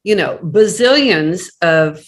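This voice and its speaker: A woman's voice: on the low side, lively intonation, slow pace. A woman co-hosting a casual talk, affirming her partner and reflecting on the point. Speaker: co-host. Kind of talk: casual conversation.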